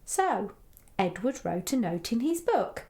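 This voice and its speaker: A woman reading a children's story aloud, gentle and expressive, playfully voicing the animal sounds. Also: fairly high pitch, unhurried.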